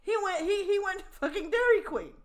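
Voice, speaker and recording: Brief: woman streamer, high voice, exasperated and sweary, casual reaction rant. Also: expressive, moderate pace. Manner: profane, mocking, exasperated.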